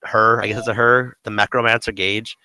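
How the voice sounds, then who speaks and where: A man talks games on a podcast in a bright, forward voice, recorded dry and close. His speech rambles with lots of fillers and animated swings. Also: fairly low pitch, brisk, no echo, poor audio. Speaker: podcast co-host. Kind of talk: casual gaming podcast chat.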